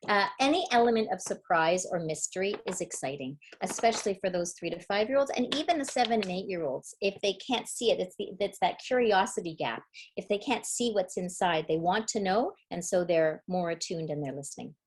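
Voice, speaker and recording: A woman's voice: on the low side, lively intonation, slightly rough. Woman teaching early reading skills. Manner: explanatory, demonstrates word sounds slowly. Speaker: literacy educator. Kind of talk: webinar presentation. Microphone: webinar computer mic.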